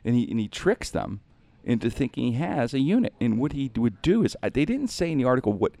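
A man's voice: medium pitch, brisk, vocal fry, no room sound. A middle-aged man hosting a show, telling a long comic story in casual chat and acting out other people's lines. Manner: animated, jokey, acts out other people's lines.

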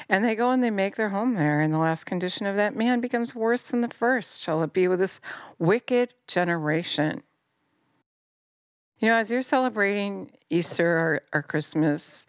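A woman's voice: no room sound, clean studio sound. Fervent scolding woman preacher. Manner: fervent, scolding, rising to near-shouts then dropping low. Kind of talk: impassioned sermon.

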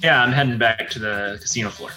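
A man's voice: on the low side, quick pace, sharp tone, soft background music. A man playing a tabletop game, hesitant and full of fillers. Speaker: player. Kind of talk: casual tabletop play.

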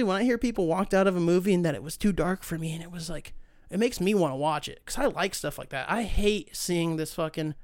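A man's voice: sits high, clean tone, no room sound, studio quality. A young man hosting a solo podcast, ranting in a profane, sarcastic way. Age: young adult. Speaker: podcast host.

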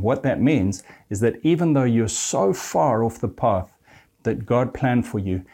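A man's voice: lowish voice, warm tone. A man preaching a sermon, reading scripture verses aloud and earnestly addressing his listeners as friend.

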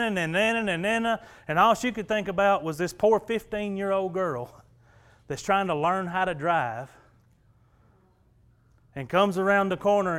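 Man, pastor preaching, folksy animated storytelling, high voice, clean clear tone. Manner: animated, folksy storyteller who gets loud and laughs at himself. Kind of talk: sermon with personal storytelling.

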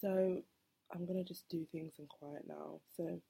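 A young woman talks through a casual solo podcast, wandering between thoughts, correcting herself and laughing as she goes. Her voice sits low and gravelly, with a husky, mellow tone. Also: steady tone, unhurried. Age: 20s. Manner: rambling, self-correcting, laughs often. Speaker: podcast host.

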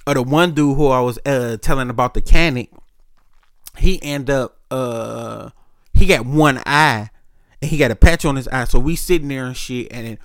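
A man's voice: medium pitch, normal speed, fairly bright tone, no room sound, clean studio sound. A young man hosting a podcast, telling stories in a laid-back, profane way full of street slang. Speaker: podcast host. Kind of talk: casual storytelling monologue.

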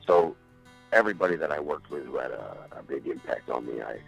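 A man imitating an older male comedian mentor in a low, hushed, halting voice, sincere and heartfelt. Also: animated, gravelly, slightly rough, lo-fi sound, faint music behind, heavily acted. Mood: earnest.

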